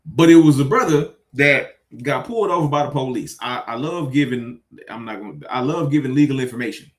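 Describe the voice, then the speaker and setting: A man ranting casually to his viewers, exasperated and swearing, swinging between loud outbursts and low muttering. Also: lively intonation, brisk. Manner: conversational, addresses viewers directly. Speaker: vlogger. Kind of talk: casual rant to camera.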